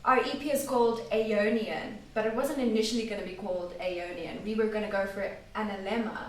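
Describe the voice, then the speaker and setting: A woman's voice: medium pitch, fairly even intonation, a little fast. A woman vocalist being interviewed, chatting and telling stories with a giggly, talkative manner. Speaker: band vocalist guest. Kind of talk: casual interview chat. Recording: roomy distant mic, faint noise.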